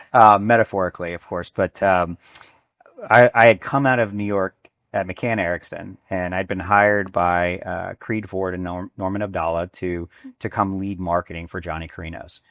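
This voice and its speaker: A man in his forties, a restaurant executive, telling stories in an interview, animated and acting out dialogue with many restarts. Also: low voice, normal speed, no echo, clean studio sound. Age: 40s. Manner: animated storyteller, acts out dialogue, frequent restarts. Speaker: restaurant chain executive, guest. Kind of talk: conversational interview storytelling.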